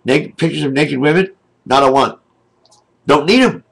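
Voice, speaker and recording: An older man ranting angrily to his camera from home, indignant and aggrieved, with a husky voice. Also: on the high side, normal speed, rough recording. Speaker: video blogger. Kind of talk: angry webcam rant. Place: home, seated in a wheelchair.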